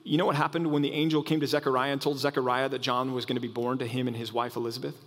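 A man preaching a sermon as pastor, in an animated way that often restarts phrases. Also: mid-range voice, rapid-fire, long reverb tail. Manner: animated, acts out quoted voices, frequent restarts.

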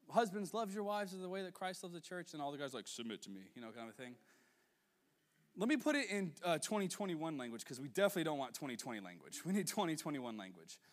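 A man in his twenties preaching a sermon as a youth pastor, telling stories with quick asides and laughs. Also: a little high, long reverb tail. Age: 20s.

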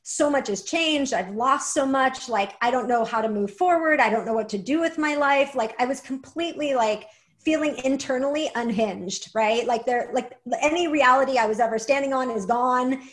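High-voiced woman telling her story. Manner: earnest, fast, lots of "like" fillers. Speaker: guest, author. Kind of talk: personal storytelling in a conversation.

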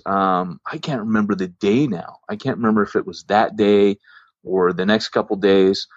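A man's voice: on the low side, no echo, highs cut off. A man hosting a church planting podcast, telling a long story casually, with lots of fillers and restarts.

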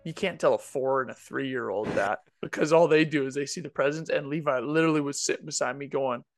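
Gravelly-voiced man telling animated stories. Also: mid-range voice, brisk, no echo, studio quality, soft background music. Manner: wry, animated storyteller. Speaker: podcast co-host. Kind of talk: casual chat.

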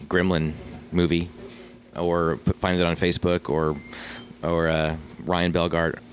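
A man's voice: deep voice, level tone, measured pace, slight background noise. A man talking as a guest in a casual interview, rambling with many restarts and fillers. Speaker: guest filmmaker.

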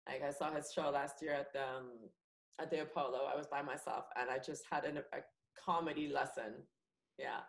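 A woman in her thirties with an international English accent, a comedian chatting casually in an interview, full of fillers and animated storytelling. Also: deep voice, brisk, creaky, low-quality recording. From France. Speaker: guest comedian.

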